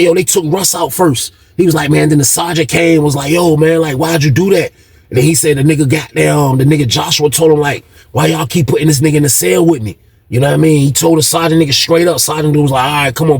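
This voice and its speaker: Gravelly husky man telling a story. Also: fairly high pitch, no echo. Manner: animated, swings between loud and hushed. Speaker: vlogger. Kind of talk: casual storytelling.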